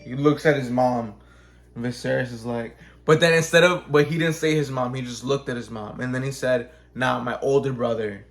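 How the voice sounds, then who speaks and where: Give me a man in casual chat with a mid-range voice. He tells a rambling, profane story, leans on "like" and restarts, and jumps into quick character voices. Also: mid-range voice, steady tone. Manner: acts out characters with quick voice changes.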